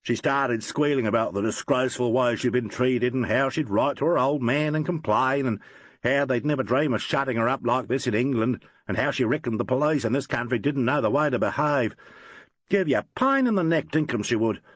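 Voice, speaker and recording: A man's voice: medium pitch, fairly quick, dry recording, natural voice. A man voicing an eager young New police sergeant, chatty and gushing as he tells a story. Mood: gossipy.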